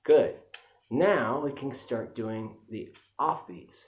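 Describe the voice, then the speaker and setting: Chatty male percussion teacher, mellow tone, easygoing lesson delivery. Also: medium pitch, unhurried, slight background noise. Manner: relaxed, chatty, with fillers. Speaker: music teacher. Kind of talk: casual instructional talk.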